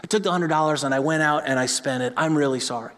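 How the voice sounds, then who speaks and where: A man pastor preaching a sermon, telling examples with animated swings between emphatic bursts and quiet, soft passages. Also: fairly high pitch, quick pace. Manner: animated storytelling, rising to emphatic peaks then dropping soft. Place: church sanctuary. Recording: long reverb of a church hall.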